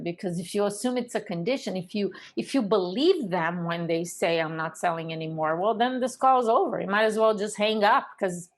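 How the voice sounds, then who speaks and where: A woman coaching real estate agents in an energetic, emphatic teaching talk, full of rhetorical questions. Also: medium pitch. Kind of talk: instructional talk to the camera.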